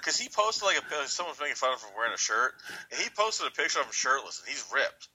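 Bright-voiced easygoing man. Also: medium pitch, very animated, slightly rough, poor audio. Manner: easygoing, quick agreeing asides. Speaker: podcast co-host. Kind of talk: casual wrestling chat.

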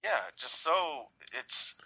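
Bright-voiced man in animated chat. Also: fairly high pitch, slow pace, lo-fi sound. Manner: animated, mimics voices in quoted bits. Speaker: podcast co-host. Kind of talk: casual wrestling talk.

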